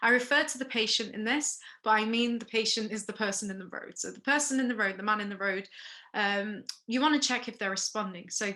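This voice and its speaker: In a recorded first aid workshop, a woman walks through each step, stops to pose questions, and checks in with lots of "okays." Her voice sits on the high side and sounds pushed and bright.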